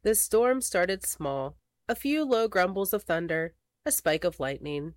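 A woman reading a children's picture book aloud, expressive and slowing for dramatic words. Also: lowish voice, no echo, studio quality. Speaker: storybook reader.

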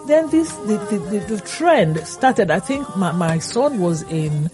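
A middle-aged woman, co-hosting a casual chat, animated and laughing often. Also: medium pitch, a little slow, music in the background. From Nigeria.

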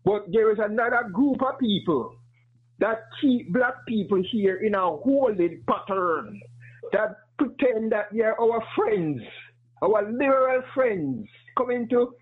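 Male caller with an accent, earnest, persuasive, high voice, husky, on a tinny phone line. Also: animated, a little slow. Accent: noticeable accent. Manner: earnest, persuasive, rhetorical questions. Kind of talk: call-in radio comment.

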